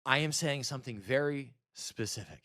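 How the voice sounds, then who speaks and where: This vlogger, a man in his thirties, vents to camera in a bitter, exasperated rant full of profanity, repeating himself. His voice is medium-pitched, pushed and bright, at a normal speed.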